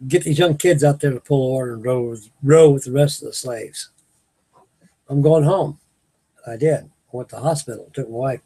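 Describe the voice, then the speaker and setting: A man's voice: fairly high pitch, darkish tone, husky. An older man, rambling folksily as host of a late-night live chat with his viewers. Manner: folksy, meandering, restarts sentences. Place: home at night.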